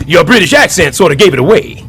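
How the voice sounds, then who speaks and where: A blustering cartoon building super, boastful and sarcastic, high and bright-toned voice, pitch swinging wildly, faint music underneath. He talks big and schemes out loud. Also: very animated, quick pace, husky, exaggerated voice. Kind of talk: animated sitcom voice acting.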